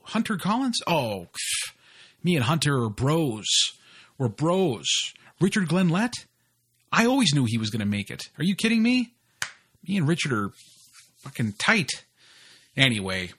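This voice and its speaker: A man's voice: medium pitch, sharp tone. Rambling podcast host in his forties. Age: 40s. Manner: rambling, self-deprecating, heavy on fillers. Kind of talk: casual solo podcast intro.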